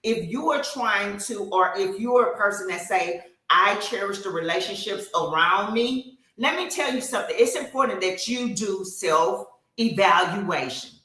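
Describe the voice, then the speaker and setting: A woman chats on a podcast, her voice bright and forward. She tells stories with animated energy and frequent fillers. The room around her is echoey. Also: medium pitch, normal speed, hardly any pauses. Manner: animated storytelling with many fillers. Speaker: podcast co-host. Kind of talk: casual podcast chat.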